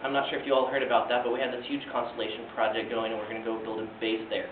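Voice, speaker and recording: A man's voice: medium pitch, monotone, rapid-fire, a little hiss or hum. A young man giving an earnest class presentation with frequent filler sounds, recorded from far off in a classroom. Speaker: student giving a class speech. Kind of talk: presentation speech. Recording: distant tinny echoey classroom recording.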